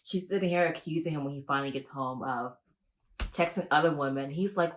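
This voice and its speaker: A woman vlogger giving a casual, gossipy reaction to a show, profane and opinionated. Her low voice jumps up sharply whenever she gets excited. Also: brisk. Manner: animated, with big pitch jumps. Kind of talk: reaction video commentary.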